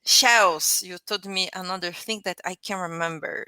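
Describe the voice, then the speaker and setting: A woman's voice: lowish voice, fairly even intonation, normal speed, sharp tone, clean tone, no echo. A woman learning English as a second language, speaking hesitantly over a video call and often laughing. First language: not English. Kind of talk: video-call lesson practice.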